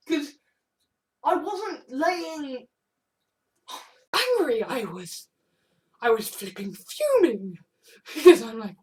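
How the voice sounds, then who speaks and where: A woman's voice: high voice, darkish tone. A woman in a casual monologue, swearing often and acting out her own reactions in quotes.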